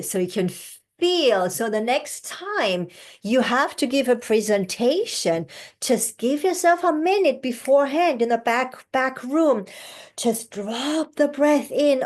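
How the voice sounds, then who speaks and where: A woman voice coach teaching an online class, speaking slowly and encouragingly as she demonstrates breathing and tones over a video call. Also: high voice, darkish tone.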